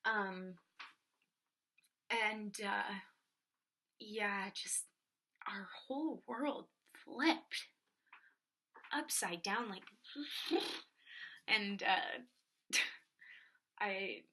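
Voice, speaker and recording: A young woman telling a personal story in a soft, often whispery voice, with many filler words. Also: mid-range voice, drawn-out words, pauses often, a little hiss or hum. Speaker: vlogger.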